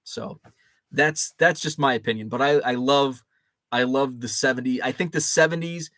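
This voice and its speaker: A man's voice: medium pitch, a bit bright, no echo. A man, hosting a casual live chat and reading viewer comments with many fillers and restarts. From Chicago area. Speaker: host.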